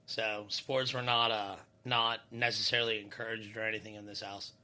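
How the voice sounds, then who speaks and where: A man's voice: lowish voice, flat delivery, moderate pace, sharp tone, clean tone. A man with a Midwestern accent, co-hosting a podcast and trading blunt, sweary remarks. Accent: Midwestern American. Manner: blunt, sweary back-and-forth. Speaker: podcast co-host. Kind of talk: casual chat.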